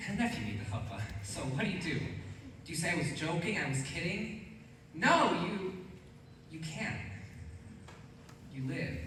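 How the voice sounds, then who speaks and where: A wistful, chatty musical fan, played by a teenage boy on stage, confides rueful asides with a lively, swooping delivery. He is caught from the back of a booming school auditorium. Audience murmur sits underneath. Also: unhurried, long pauses. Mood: confiding. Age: teens. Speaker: stage actor. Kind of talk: live stage musical acting. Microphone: distant stage recording. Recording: echoey hall from far off, audience noise.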